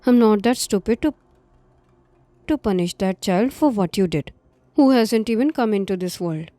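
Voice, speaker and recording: An actress playing a composed wife who talks in a soothing, overly sweet way. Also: female voice, medium pitch, expressive, normal speed, mellow, dry recording, soft background music, lightly acted. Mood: cold.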